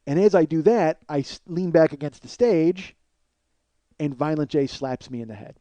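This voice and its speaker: A man hosting a comedy podcast, telling a long profane story in an animated way. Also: a little high, moderate pace, dry recording. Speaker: podcast host.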